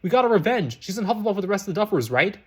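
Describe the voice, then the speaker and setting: A man voicing an earnest, hot-tempered eleven-year-old boy who argues insistently, reading fast. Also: high voice, very animated, a bit bright, breathy edge, voice pushed up, exaggerated voice. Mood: outraged. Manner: outraged, insistent.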